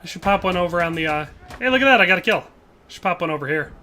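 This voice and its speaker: Young male streamer, casual gameplay chatter, bright tone, headset mic, faint noise behind. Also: high voice, animated, racing. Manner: chatty, laughs often, trails off mid-sentence. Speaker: livestreamer. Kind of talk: casual gameplay commentary reading chat.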